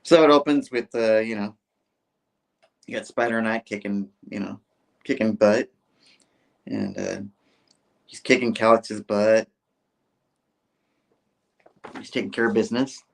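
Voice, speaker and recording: A man's voice: on the low side, fairly even intonation, a little slow, gravelly, pauses often. A man hosting a comic book review show. He recaps an issue in a rambling, casual way, full of filler words. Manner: rambling, with filler words and mock character voices.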